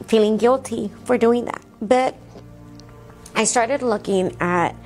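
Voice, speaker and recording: A woman's voice: medium pitch, gravelly. A woman earnestly telling her own life story, acting out the dialogue in her plain voice. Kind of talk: personal storytelling talk.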